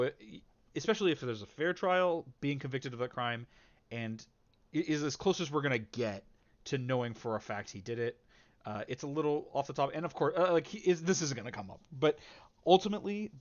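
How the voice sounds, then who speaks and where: A man's voice: mid-range voice, dull audio. A man hosting a debate reaction video in casual commentary, rambling with many fillers and self-corrections. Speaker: reaction channel host.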